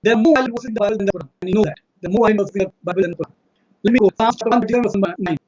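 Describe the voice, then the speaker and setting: A man with an Indian accent arguing in a fast, insistent debate monologue, citing verses and repeating his points. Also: high voice, darkish tone, breathy edge, low-quality recording. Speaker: religious debater.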